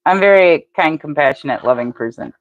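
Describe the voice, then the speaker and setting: Low, even-voiced older woman reading tarot. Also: a little fast, narrow, tinny audio, slight background noise. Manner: even, matter-of-fact delivery; chatty, talks to viewers by name. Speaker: tarot reader. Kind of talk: live-stream tarot reading.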